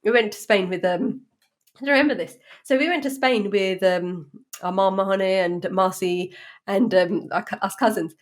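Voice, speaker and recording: A woman, co-hosting a podcast and telling lively stories with frequent laughs. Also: medium pitch. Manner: lively storyteller, quick to laugh. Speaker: podcast co-host. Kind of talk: casual chat.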